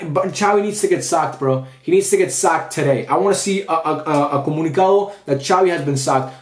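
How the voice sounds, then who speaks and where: Young male fan vlogger, fairly high voice, angry swearing post-match rant in a roomy space. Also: darkish tone. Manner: frustrated, repetitive, swearing.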